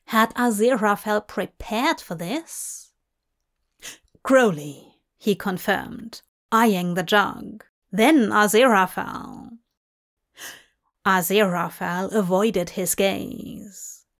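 A woman reading a story aloud in an unhurried, even narration. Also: medium pitch. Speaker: fanfiction reader. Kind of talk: audiobook narration.

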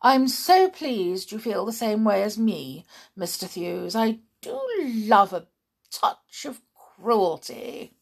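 A woman's voice: medium pitch, lively intonation, slow pace, gravelly, full character voice. A woman reading aloud, voicing a cruel, spiteful female school matron with a sneering manner. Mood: gloating. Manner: sneering, gleeful about cruelty.

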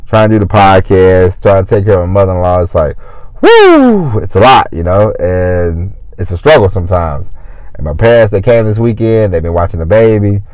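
A man's voice: sits low, darkish tone, dry recording, low-quality recording. A man hosting his own podcast, talking casually and rambling with frequent restarts from his car in a parking lot. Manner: chatty, rambling, self-interrupting, folksy. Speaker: podcast host. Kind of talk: casual solo podcast monologue.

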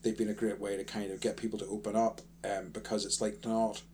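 A man's voice: lowish voice, flat delivery, brisk, a little mellow, a little hiss or hum. A man co-hosting a casual podcast chat, rambling and self-correcting as he talks, often breaking into laughter. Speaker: podcast co-host.

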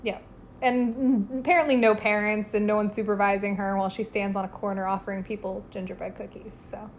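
A woman's voice: mid-range voice, little pitch movement, brisk, slight background noise. A woman co-hosting a podcast, reviewing a movie in casual chat with dry, sarcastic humor. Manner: wry, sarcastic, laughs often. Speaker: podcast co-host.

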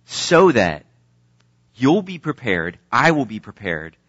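A man's voice: mid-range voice, very animated, slow, fairly bright tone, slightly rough, no room sound. A man preaching a sermon. He reads scripture aloud and then explains it in an earnest, emphatic way, with an occasional filler. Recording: dull lo-fi, dry sound.

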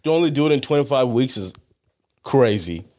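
Easygoing young podcast co-host. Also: male voice, mid-range voice, animated, a little mellow. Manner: easygoing, agreeable, quick to laugh. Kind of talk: casual chat.

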